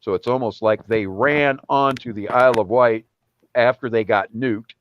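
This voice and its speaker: A man's voice: medium pitch, moderate pace, dull audio, a little hiss or hum. A man chatting casually on an online call, rambling through stories and laughing often. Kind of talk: casual chat.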